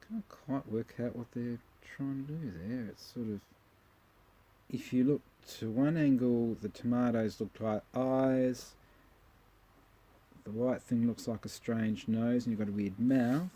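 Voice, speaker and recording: A man's voice: lowish voice, measured pace, warm tone, breathy edge. Wry man joking through old adverts. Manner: wry, joking asides, chuckles often. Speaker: host reviewing old magazine adverts. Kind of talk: casual commentary.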